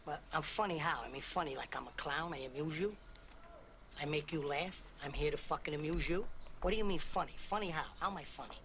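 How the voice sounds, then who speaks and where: An actor playing a volatile, swaggering mobster who curses constantly, in a film scene. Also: male voice, on the high side, a bit bright. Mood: menacing. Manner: profane, quick-tempered, swings from jokey to menacing. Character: volatile, swaggering male mobster, middle-aged. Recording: noisy film audio played back.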